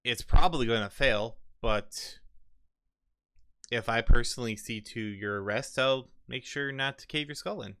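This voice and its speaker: A man voicing a calm but threatening male security guard who gives firm, clipped warnings. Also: mid-range voice, moderate pace, clean tone.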